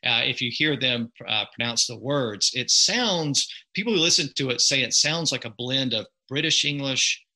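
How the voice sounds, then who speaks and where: Guest: Southern US man, podcaster-lawyer, bright tense tone, careful and precise. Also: mid-range voice, normal speed, hardly any pauses, low-quality recording. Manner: patient, precise, explains step by step. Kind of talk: explanatory interview talk.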